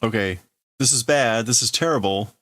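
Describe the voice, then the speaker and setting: A man on a livestream, translating a manga aloud in a halting, thinking-out-loud way. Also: medium pitch, dry recording. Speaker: streamer.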